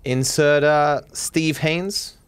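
An Australian man livestreaming a video game, joking deadpan as he plays. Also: a little high, extremely slow, clear, resonant tone, dry recording. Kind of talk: casual game commentary.

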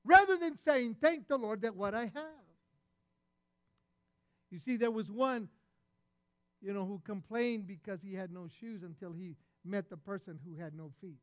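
A man preaching a sermon as pastor, retelling a parable and acting out its voices with animated delivery. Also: sits high, a little slow, long pauses, dry recording.

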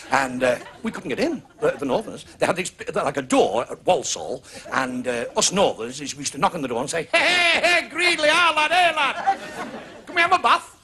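Excitable Northern English comic, high and lively. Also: male voice, noisy background. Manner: rapid, excitable patter with big pitch swings. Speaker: stand-up comedian. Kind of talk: stand-up comedy routine. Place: TV studio with live audience. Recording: 1980s TV broadcast, loud audience laughter.

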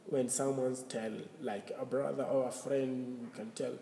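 Guy teaching words real slow, gravelly mellow voice, echoey room w/ long reverb. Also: mid-range voice, little pitch movement, slight background noise. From Kenya. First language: Swahili. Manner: repeats words slowly, spells them out letter by letter, laughs often. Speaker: language teacher. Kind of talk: casual language lesson.

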